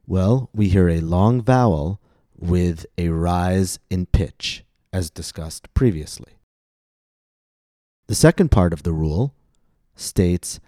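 A male pronunciation teacher with a deep, mellow voice talks slowly and deliberately. He leans hard on stressed syllables in his example words. The recording is dry and close. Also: no echo. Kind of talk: scripted pronunciation lesson.

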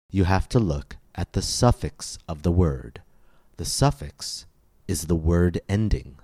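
A man teaching English pronunciation in a scripted podcast lesson, speaking deliberately and stressing each syllable clearly. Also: deep voice, warm tone, no room sound, studio quality.

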